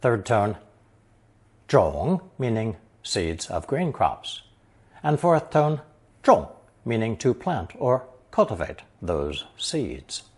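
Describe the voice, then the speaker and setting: Guy teaching a language lesson, husky, slightly low voice, very slow and careful, pitch swinging around a lot. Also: sing-song, darkish tone. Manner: slow, careful explanation with example sentences read aloud. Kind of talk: scripted lesson narration.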